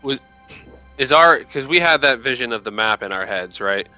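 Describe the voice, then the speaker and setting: A man's voice: medium pitch, expressive, normal speed, sharp tone, lo-fi sound, soft background music. A man playing a tabletop game, chatting casually and questioning the game master. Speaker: player.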